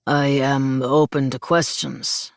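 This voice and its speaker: A woman voicing a frail, nearly hundred-year-old writer with a sharp Russian accent, speaking slowly and gravely. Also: extremely low pitch, level tone, no echo, clean studio sound. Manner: slow, measured and grave.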